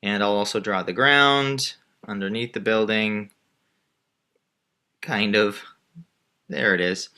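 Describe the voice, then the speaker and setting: A man's voice: fairly low pitch, takes it slowly, pauses often, pushed and bright, clear, resonant tone. A male math teacher patiently walking through a word problem step by step while drawing a diagram. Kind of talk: screen-recorded math lesson.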